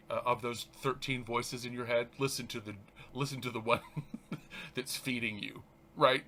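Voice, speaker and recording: Bright-voiced man reflecting on scripture. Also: medium pitch, a little hiss or hum. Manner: animated, halting, frequent restarts and laughs. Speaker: reverend and show host. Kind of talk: reading and commenting on a spiritual text.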